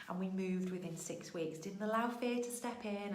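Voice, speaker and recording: A woman's voice: mid-range voice, steady tone, brisk, reverberant, low-quality recording. A woman hosting a weekly show, telling a heartfelt motivational story in an earnest way and sometimes getting tearful. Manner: emotional, voice breaking into tears at times; earnest, storytelling with acted-out quotes.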